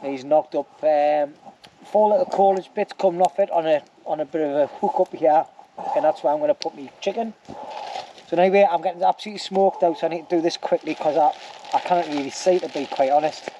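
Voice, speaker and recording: A man's voice: fairly high pitch, a little fast, muffled recording, noisy background. A man casually narrating a bushcraft camping vlog by a campfire in the woods, chatty and joking, with plenty of "anyway" and "like". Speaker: bushcraft vlogger.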